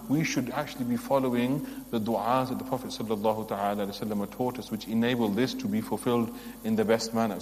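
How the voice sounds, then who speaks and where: Male teacher at mid pitch, earnest lesson with emphatic questions, long hall reverb behind him. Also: a little mellow. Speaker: religious teacher. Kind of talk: religious lesson.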